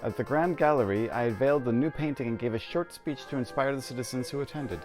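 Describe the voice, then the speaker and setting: A breezy, pompous king from a detective game, brushing off worries with genteel disdain, as a man reads him aloud. The voice sits at an ordinary middle pitch. Faint music plays in the background. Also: quick pace, darkish tone, lightly acted. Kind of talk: reading game dialogue aloud.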